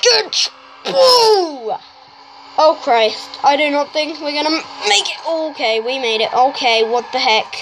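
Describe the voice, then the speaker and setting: A woman playing a video game and giving casual, excitable commentary to her viewers, exclaiming at each crash. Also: sits high, normal speed, few pauses, noisy background. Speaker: gaming YouTuber. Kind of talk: casual let's-play commentary.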